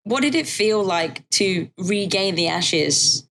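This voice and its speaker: A woman's voice: medium pitch, lively intonation, slow pace, vocal fry, fairly bright tone, a little hiss or hum. A woman hosting a casual interview, chatty and encouraging. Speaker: host.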